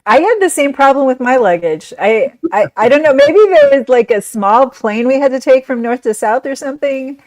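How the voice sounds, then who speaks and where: A woman hosting a casual live-stream travel chat as a travel advisor, relaxed and quick to laugh. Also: sits high, no echo.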